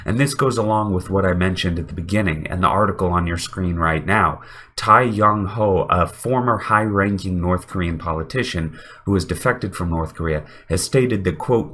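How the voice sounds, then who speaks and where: A sick man with a deep, nasal voice, delivering an earnest, argumentative political opinion rant. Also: normal speed, pushed and bright. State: sick with a cold. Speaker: political commentator.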